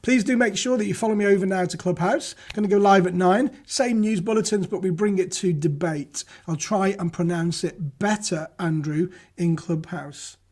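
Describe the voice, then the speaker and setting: Bantering high-voiced man hosting live news. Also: normal speed, hardly any pauses, darkish tone. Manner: jokey, chatty, reads viewer comments aloud and laughs at himself. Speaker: host of a live property news stream. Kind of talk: casual live-stream news chat.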